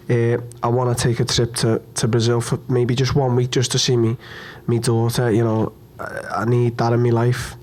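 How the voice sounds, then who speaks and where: Hurt and upset after losing, a young man answers press conference questions following the fight in a mid-range, monotone voice with a darkish tone. His replies are blunt and repetitive, full of swearing, stumbles and halting restarts.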